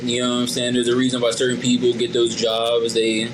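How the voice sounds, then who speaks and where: A man's voice: medium pitch, completely flat delivery, a little fast, background noise. A man co-hosting a podcast in casual chat, blunt and slangy, leaning on "bro" and "you know what I'm saying.". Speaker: podcast co-host.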